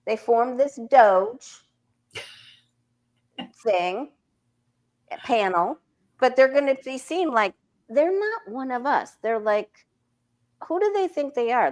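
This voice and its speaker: A woman joins a tarot reading as a guest and trades wry, chatty remarks with the host. Her voice sits a little higher than most women's. She keeps it loose and conversational. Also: expressive, slow pace, pauses often, darkish tone. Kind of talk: casual chat.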